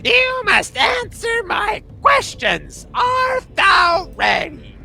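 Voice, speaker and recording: A man's voice: very high-pitched, huge pitch swings, extremely slow, vocal fry, pushed and bright, shouting, voice pushed up, full character voice. A man voicing a small, deranged male kobold king covered in jewels, who speaks in grand, archaic phrasing. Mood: commanding. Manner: archaic, commanding speech.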